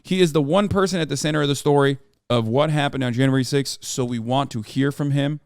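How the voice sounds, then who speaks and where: A man's voice: mid-range voice, fairly quick, a little mellow, clear, resonant tone, no room sound, studio quality. A man in his thirties giving casual, profane live-stream commentary on the news and reacting to his chat. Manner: brash, profane, riffing on chat.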